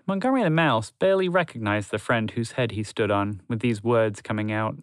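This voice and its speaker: A man's voice: on the low side, fairly quick, hardly any pauses, clean tone, dry recording. Man reading a children's story. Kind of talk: storybook narration.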